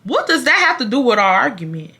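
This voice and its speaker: This young woman from Texas tells her story in a voice that sits high and swings wildly up and down. Her tone is bright and sharp, and she talks in a dramatic, profane way, speaking straight to her viewers. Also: very animated, quick pace. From Houston, Texas. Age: 20s. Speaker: storytime vlogger. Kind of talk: casual storytelling.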